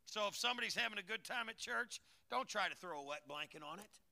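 Older male pastor, high bright voice, folksy joking preacher, sermon in a church. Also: expressive, fast talker, vocal fry. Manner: folksy, joking, calls to congregation. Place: church sanctuary.

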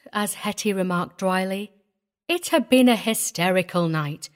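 Woman reading a weird tale. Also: fairly low pitch. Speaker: audiobook reader. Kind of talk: scripted story narration.

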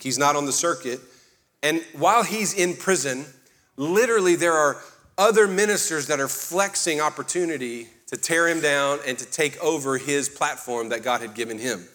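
Fervent pastor preaching. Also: male voice, fairly high pitch. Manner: fervent, swings from quiet to loud, call and response. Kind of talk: sermon.

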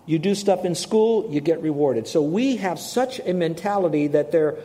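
A man preaching with a fairly high but mellow voice, his warmth carrying easy storytelling. He talks to the congregation casually and often turns to ask them questions. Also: expressive, moderate pace. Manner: conversational storytelling, asks the audience questions. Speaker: pastor. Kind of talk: sermon with personal stories.

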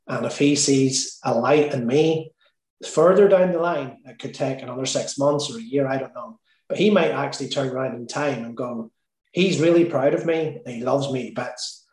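A man's voice: medium pitch, darkish tone. Give me a man with an Irish accent, a guest in a casual interview who tells a candid story full of laughter and swearing. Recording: roomy echo.

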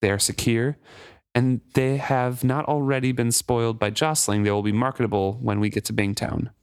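A man reading aloud the lines of a proud young woman sailor who answers softly and calmly. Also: medium pitch, moderate pace, clear, resonant tone, close to an everyday voice. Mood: calm defiance. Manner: soft, calm, firm.

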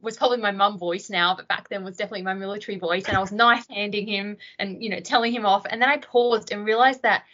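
A woman's voice: medium pitch, steady tone, fast talker, few pauses, a bit bright, dull audio. A woman, a podcast guest, reflectively telling stories from her military service. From Australia. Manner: reflective storytelling. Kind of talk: podcast interview.

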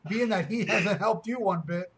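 A man's voice: high-pitched, normal speed, a bit bright. A man hosting a podcast, teasing his co-host crudely and rambling with lots of fillers. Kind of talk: casual podcast banter.

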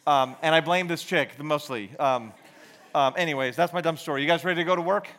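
A man's voice: fairly high pitch, fast, fairly bright tone, slight background noise. A man in his forties from Georgia giving a casual, rambling sermon to a youth group, full of self-deprecating stories, fillers and restarts. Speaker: youth ministry speaker.

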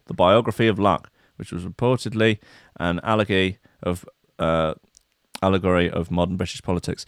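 A man's voice: on the low side, no echo, studio quality. Rambling male radio host. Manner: rambling, hesitant with many fillers. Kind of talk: casual chat reading aloud.

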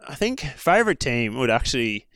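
A man's voice: mid-range voice, big pitch swings, brisk, fairly bright tone, no room sound, studio quality. An Australian man, a former pro cyclist, telling stories in a rambling, casual way full of fillers and asides. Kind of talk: casual storytelling chat.

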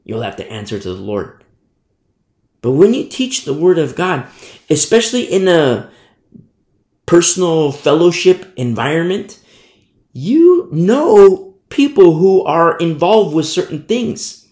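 A male pastor teaching an expository sermon, driving his points home by repeating them. His voice sits slightly high for a man. The sound carries a roomy echo. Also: sing-song, measured pace, a little mellow. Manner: emphatic, repeats key phrases.

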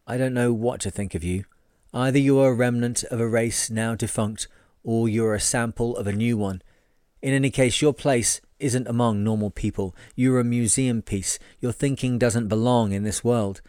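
A man's voice: medium pitch, steady tone, moderate pace, mellow, clean tone, dry recording, studio quality, natural voice. A man voicing a worn-out, despairing middle-aged ship's mate with weary, exasperated outbursts.

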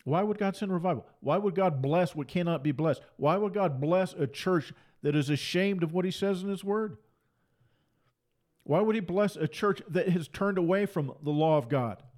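A man delivers a fiery sermon. His voice sits fairly high, and he drives each point home by repeating it with emphasis. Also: moderate pace, darkish tone. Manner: emphatic, repeats phrases for force. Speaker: preacher.

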